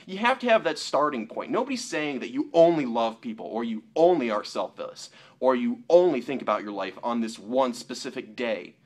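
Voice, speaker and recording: A young man talking straight to camera in an opinion vlog, mocking the people he argues with in a lower voice. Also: moderate pace, hardly any pauses. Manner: animated, mocking quotes in a lower voice. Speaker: YouTuber.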